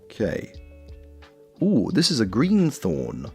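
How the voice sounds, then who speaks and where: Lively, gravelly Welsh man knitting on stream. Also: medium pitch, takes it slowly. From Wales. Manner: rambling, jokey, swears freely. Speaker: streamer and voice actor. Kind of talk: casual chat while knitting on stream. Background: faint lo-fi music.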